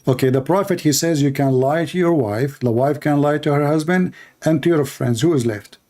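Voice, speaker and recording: A man's voice: fairly high pitch, moderate pace, dark tone. A man hosting a live call-in debate show in slightly broken English, mocking and taunting his callers.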